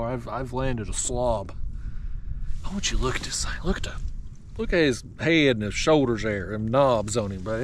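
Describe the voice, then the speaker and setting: A man's voice: mid-range voice, a bit bright, a little hiss or hum. A man casually narrating to camera while fishing from a kayak on a river, drawling and folksy, calling his viewers y'all and buddy. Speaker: fishing vlogger.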